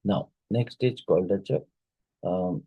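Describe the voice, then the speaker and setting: A man's voice: low-pitched, slow, slightly rough, dry recording, muffled recording. A male teacher going through exam questions, reading each one aloud and then reasoning out the answer. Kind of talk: exam question review lesson.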